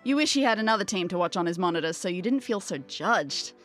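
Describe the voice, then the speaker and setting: A woman narrating a tabletop game as game master in the second person, lively and wry. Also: fairly low pitch, fast talker, faint music behind.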